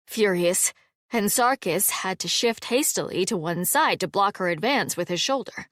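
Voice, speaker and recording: A woman narrating a cozy fantasy audiobook in an even, measured way. Her voice sits at a middle pitch and is recorded close and dry, with no room sound at all. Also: no room sound.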